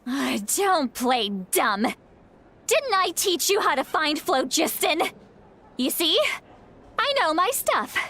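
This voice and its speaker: A woman's voice: high voice, very animated, takes it slowly, sharp tone, exaggerated voice. A woman voicing a drunk, grumpy old shaman woman who complains and brags theatrically in a video game. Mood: boastful.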